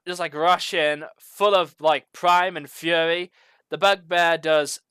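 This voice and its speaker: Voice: mid-range voice, steady tone, slow, a bit bright, clear, resonant tone, no echo. This is a game master calling the turns of a tabletop session. The narration runs loose and is padded with fillers. The sound is dry, with no room around the voice. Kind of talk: running a tabletop game over voice chat.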